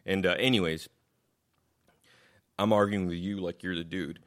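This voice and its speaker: A man with a very low, deep voice tells a story casually into his own microphone. He gets animated, swears freely and stumbles over repeated words when he is worked up. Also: moderate pace. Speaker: guest telling a story.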